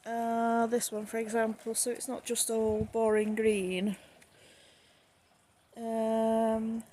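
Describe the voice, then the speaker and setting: A woman with a Nottingham accent chatting casually on a live stream while strolling around her garden, filming on a handheld phone. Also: fairly high pitch. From England. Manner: relaxed, chatty, drifting from one remark to the next. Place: home garden outdoors in the evening. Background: faint outdoor ambience, water.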